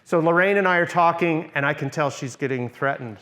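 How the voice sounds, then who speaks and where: A middle-aged man presenting a church workshop in a conversational teaching style. He often checks in with the group and drops into a soft, low voice to model what to say. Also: a little fast.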